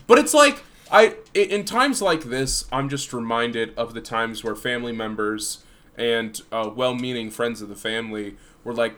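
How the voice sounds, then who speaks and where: A man's voice: medium pitch, expressive, moderate pace, fairly bright tone. A man co-hosting a podcast in casual chat, rambling, joking and swearing. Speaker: podcast co-host.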